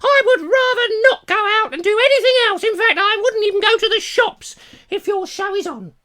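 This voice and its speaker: A man putting on a squeaky falsetto comedy voice to play an indignant woman reading out her own letter. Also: expressive, brisk, sharp tone, full character voice. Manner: mock-outraged comedy voice. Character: shrill indignant female letter writer.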